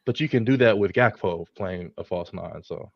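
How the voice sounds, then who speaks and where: A man calling into a football show, talking in a rambling, hedging, relaxed way. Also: low voice, normal speed, creaky, dry recording. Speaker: caller. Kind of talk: casual football call-in. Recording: dull lo-fi call line.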